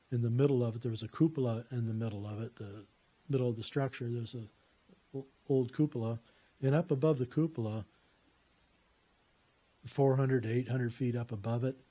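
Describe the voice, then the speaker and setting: A warm, medium-pitched male voice belongs to a middle-aged man telling the story of his faith. His delivery is earnest and plain, like a personal testimony shared in conversation, and he swears casually.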